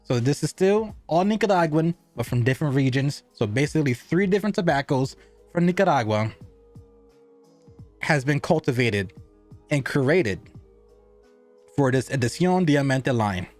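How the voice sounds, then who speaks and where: A man's voice: fairly high pitch, lively intonation, normal speed, pauses often, faint music behind. A man giving a casual cigar review, rambling and asking and answering his own questions.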